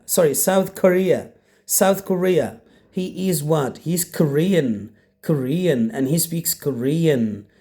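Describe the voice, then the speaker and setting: Slow, lively male teacher. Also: on the high side. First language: Arabic. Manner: drills each word by repeating it several times; asks the class questions and answers them himself. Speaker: English teacher. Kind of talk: beginner language lesson.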